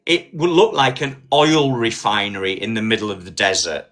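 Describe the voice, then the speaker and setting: A man hosting a casual live-stream chat, telling an animated story. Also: fairly low pitch, moderate pace. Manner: animated storyteller, acts out voices in quotes. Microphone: phone on live stream.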